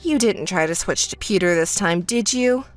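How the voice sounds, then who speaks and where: A woman voicing a calm, sensible young woman who speaks in a flat, firm and unimpressed way. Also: fairly low pitch, moderate pace, faint music behind, lightly acted. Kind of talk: texting-story voice acting.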